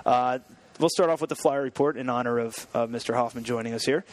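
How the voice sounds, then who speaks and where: Chatty man hosting sports radio. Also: medium pitch. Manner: chatty, halting with many fillers. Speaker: station manager and show host. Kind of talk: casual sports talk radio.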